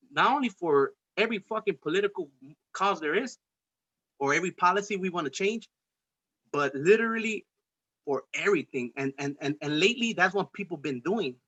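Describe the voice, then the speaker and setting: On a dull lo-fi recording, a male podcast host with a high, bright voice and forceful tone talks politics casually. He is heated and profane, rambling and restarting many times.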